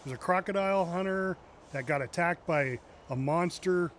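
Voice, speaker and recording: A man's voice: sits high, normal speed, fairly bright tone, slight background noise. A man streaming a driving game, chatting casually with viewers in a rambling, joking way and laughing often. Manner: chatty asides to viewers in chat. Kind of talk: casual chat while playing a driving game.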